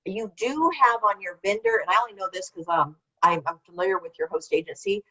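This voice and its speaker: A woman's voice: mid-range voice, a little fast, bright, forceful tone, breathy edge. Chatty older woman on a dull call line. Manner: chatty, rambling, answers typed questions. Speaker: webinar presenter. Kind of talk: casual online workshop presentation. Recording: slightly dull lo-fi call audio.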